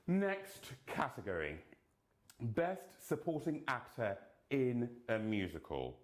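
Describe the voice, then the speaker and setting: A man announcing award nominations, reading the names deliberately and dropping playful, camp jokes between them. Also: medium pitch, huge pitch swings.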